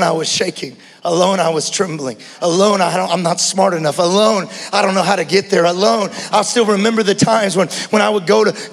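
A man preaching a sermon as pastor, passionate, swinging between hushed talk and shouting. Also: high voice, long reverb tail. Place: church.

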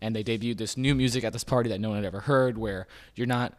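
A man's voice: lowish voice, fairly even intonation, fast talker. A man hosting a podcast, explaining things in a loose, rambling way, often saying "kind of" and "like". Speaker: podcast host. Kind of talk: casual informational talk.

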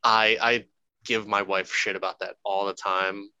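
A man co-hosting a casual movie-review podcast, talking in a low but bright, forceful voice. He jokes and rambles a bit, with some swearing. The sound is dry and close to the mic. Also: little pitch movement, measured pace, clean tone, no room sound, highs cut off. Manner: joking, profane, rambling. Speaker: podcast co-host.

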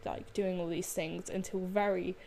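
A woman's voice: fairly low pitch, level tone, moderate pace, creaky, dark tone, slight background noise. A woman artist in casual chat, talking in loose sentences full of fillers that often trail off.

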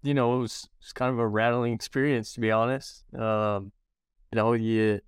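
A man who coaches and co-hosts chats casually, pausing often on ums and uhs. His voice is clear and smooth. It is recorded dry, with no room echo. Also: mid-range voice, little pitch movement. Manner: hesitant, many ums and uhs. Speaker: coach and podcast co-host. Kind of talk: casual chat.

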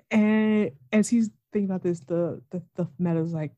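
A woman's voice: fairly low pitch, fairly even intonation, normal speed, hardly any pauses, warm tone, dry recording, lo-fi sound. A woman co-hosting a casual podcast, animatedly retelling a TV episode and acting out the characters' lines. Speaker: podcast co-host. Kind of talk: casual TV recap chat.

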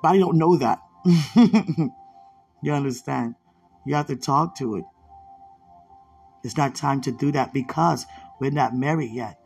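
A man speaking an emotional monologue to a loved one, laughing and at times dropping into hushed murmurs. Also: mid-range voice, takes it slowly, vocal fry, pauses often, breathy edge, soft background music.

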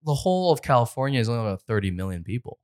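A man's voice: medium pitch, sing-song, very fast, darkish tone. A man with a Canadian accent co-hosting a casual chat, laid-back and laughing often. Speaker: podcast co-host.

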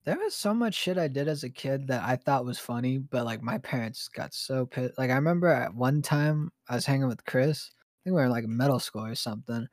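A man's voice: mid-range voice, animated, brisk, no echo. Laid-back slangy young man, dry sound. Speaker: podcast co-host. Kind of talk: casual chat.

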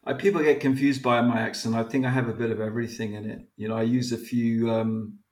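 A man's voice: medium pitch, flat delivery, fast, a little mellow. An English man with a mixed, once-posh accent, a podcast guest who talks in a rambling, hesitant way. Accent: English, posh schooling mixed. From England. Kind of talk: casual interview chat. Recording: echoey room.

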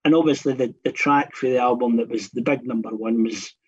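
On a casual radio program, a husky guest in his fifties tells wandering stories at a brisk pace, frequently breaking off to start sentences over. His middle-pitched voice carries a slight breathiness and fairly even intonation, and the audio is a bit muffled and dull.

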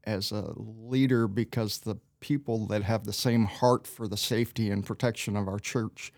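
A man in his forties, a church volunteer, speaking modestly and hesitantly with many pauses and fillers. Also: lowish voice, steady tone, a little mellow, dry recording, studio quality. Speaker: guest, church bass player and safety team lead. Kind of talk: casual interview chat.

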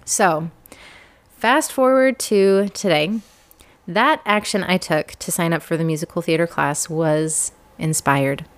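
A woman's voice: lowish voice, takes it slowly. A woman in her thirties telling a personal story in a candid, self-deprecating way, often laughing.

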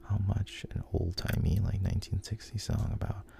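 A man with a very deep, gravelly voice tells a story in a hushed whisper. His tone is dark and mellow, and he talks in an unhurried way with pauses and restarts. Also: fairly even intonation, a little hiss or hum. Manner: soft, unhurried, with frequent ums and restarts.

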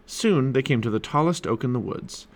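A man's voice: medium pitch, normal speed. A man narrating a children's chapter book aloud for his family. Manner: animated storytelling. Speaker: storybook reader.

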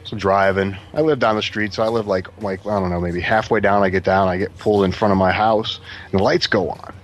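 A man casually telling a story to friends, animated and profane, acting out what others said. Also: deep voice, brisk. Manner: animated, profane, acts out quotes. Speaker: podcast guest telling a story.

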